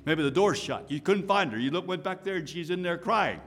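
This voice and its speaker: A man preaching a sermon, swinging from loud emphatic lines to soft hushed asides. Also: sits high, animated, a little fast, soft background music. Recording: long hall reverb.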